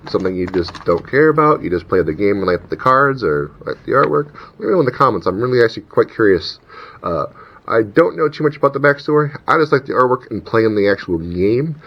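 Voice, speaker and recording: Very low-voiced man for a casual unboxing; reads names and rules aloud, slightly muffled. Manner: reads card names and rules text aloud, chatty asides. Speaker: channel host opening card packs. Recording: dull lo-fi recording with faint rumble.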